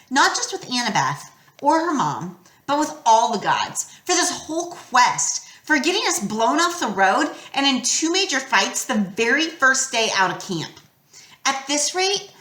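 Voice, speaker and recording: A woman narrating a storybook aloud with a lively, expressive delivery. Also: on the high side. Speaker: audiobook reader. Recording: roomy echo.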